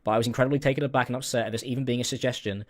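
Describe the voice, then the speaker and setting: Man reading a statement very fast. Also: medium pitch, fairly even intonation. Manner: formal, rapid, earnest reading. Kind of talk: reading a written statement aloud.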